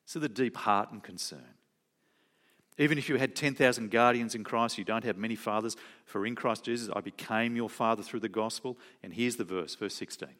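A man's voice: fairly low pitch, brisk, fairly bright tone. A man preaching a sermon in church, conversational and often asking the congregation questions.

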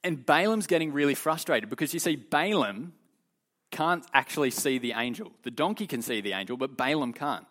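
Animated man teaching a youth Bible lesson. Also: fairly high pitch, moderate pace. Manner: animated, casual storytelling with slang.

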